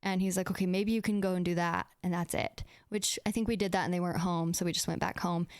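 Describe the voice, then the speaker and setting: Young woman chatting on her podcast, smooth clear voice, dry close mic, lots of "like". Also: lowish voice, fairly even intonation, quick pace, no echo. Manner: chatty, full of "like" and quoted dialogue. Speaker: podcast host. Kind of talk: casual storytelling chat.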